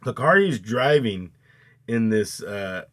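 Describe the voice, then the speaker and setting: A man co-hosting a casual movie review chat, retelling scenes with loud acted-out outbursts and plenty of swearing. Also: lowish voice, expressive, slow pace. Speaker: podcast co-host.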